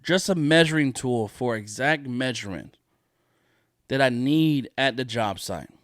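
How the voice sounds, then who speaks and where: A man on a solo podcast, venting in a heated, profane rant that circles back on the same points again and again. His voice sits at an ordinary middle pitch, and the sound is close and dry, with no room around it. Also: expressive, measured pace, fairly bright tone, no room sound. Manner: profane, indignant, repeats his points for emphasis. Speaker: podcast host.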